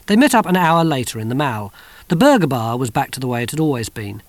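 A man reading an audiobook in an expressive style, voicing many characters. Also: mid-range voice, quick pace, dry recording. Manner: expressive, animated. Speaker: audiobook narrator.

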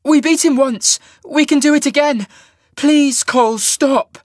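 A man's voice: high voice, expressive, moderate pace, dark tone, husky, dry recording, clean studio sound, voice pushed up. A man doing a tearful young woman. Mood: pleading. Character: young woman ruler, desperate and pleading.

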